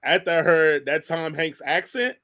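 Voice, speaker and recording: Man, high voice, casual host, slangy, laughs a lot. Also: fairly even intonation, pushed and bright. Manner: laid-back, slangy, quick to laugh. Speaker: podcast host. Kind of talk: casual chat.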